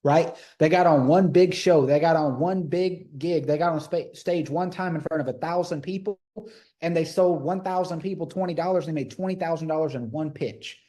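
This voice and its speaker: Energetic male sales coach, slightly high, mellow tone, punchy repeated lines. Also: normal speed. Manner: energetic, emphatic, repeats phrases; acts out sales pitches. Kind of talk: live call teaching.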